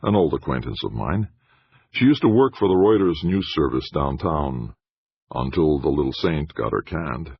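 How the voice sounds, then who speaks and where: A man's voice: extremely low pitch, lively intonation, normal speed, slightly rough, no echo, muffled recording, heavily acted. A man voicing a slick, breezy male PR director who talks in a glib, joking way.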